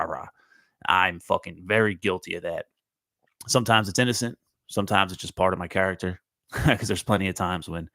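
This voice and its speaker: A man's voice: low voice, fairly bright tone, no echo, rough recording. A man hosting his own morning talk show, chatting casually and bluntly with plenty of swearing while out on a walk, and talking straight to his viewers. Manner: blunt, heavy swearing, talks to live chat viewers. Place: outdoors, walking.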